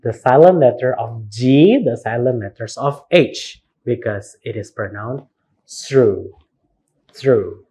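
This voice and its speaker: Slow husky lecturer with an Indonesian accent. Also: male voice, mid-range voice, dark tone. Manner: slow, spells words letter by letter, repeats words for practice. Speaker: university lecturer. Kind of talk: recorded phonetics lecture.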